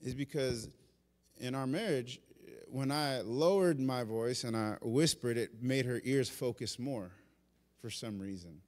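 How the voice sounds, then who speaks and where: A man preaching a sermon in a church during a live service, animated, swinging between loud emphasis and hushed delivery. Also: medium pitch, unhurried. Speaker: pastor. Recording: long reverb of a church hall.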